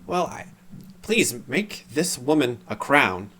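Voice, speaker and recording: A man voicing an entranced male town master who speaks slowly, with a strange unconscious quality. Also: medium pitch, background noise, pitched above the performer's own voice. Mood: dazed. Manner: slow, flat, unconscious-sounding.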